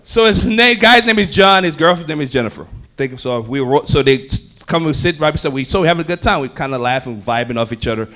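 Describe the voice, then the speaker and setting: A man telling a story on a comedy club stage, swinging between loud bursts and low asides. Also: fast, hardly any pauses. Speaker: stand-up comedian. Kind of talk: stand-up storytelling.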